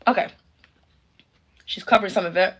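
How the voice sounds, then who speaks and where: A woman's voice: mid-range voice, moderate pace, breathy edge. A young woman doing casual reaction commentary, sassy and exclaiming, talking straight to her viewers. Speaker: YouTuber reacting to a video.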